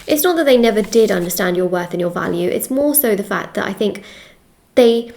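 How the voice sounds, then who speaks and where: A woman's voice: medium pitch, expressive, brisk, vocal fry, a little mellow. Chatty woman giving a tarot reading. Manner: chatty, repeats phrases, checks in with "okay?". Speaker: tarot reader. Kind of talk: casual tarot reading to camera.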